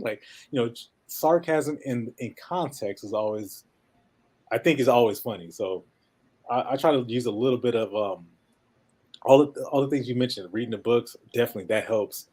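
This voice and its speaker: A man with a nasal voice, a guest in a casual interview, talking quickly, now and then mumbling and breaking into laughter. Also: medium pitch, darkish tone. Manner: fast-talking, sometimes mumbles, laughs often. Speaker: podcast guest.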